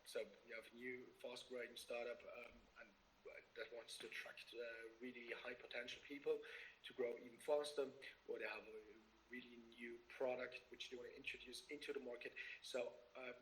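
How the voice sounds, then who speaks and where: A man explaining as an expert guest in a webinar, speaking haltingly with frequent filler sounds and restarts. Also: mid-range voice, little pitch movement, a bit bright, a little hiss or hum, poor audio.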